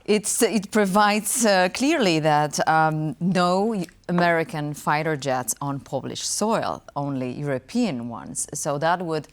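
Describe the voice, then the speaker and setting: A woman interviewing a guest for a news program, asking measured questions with some hesitation fillers. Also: sits low, lively intonation.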